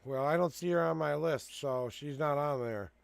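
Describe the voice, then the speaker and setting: At home with a cat, a man hosts a livestreamed tarot reading, counting out cards before offering earnest spiritual encouragement and blessings. His voice is on the high side, gravelly yet clear with a resonant tone, at a moderate pace and with no room sound.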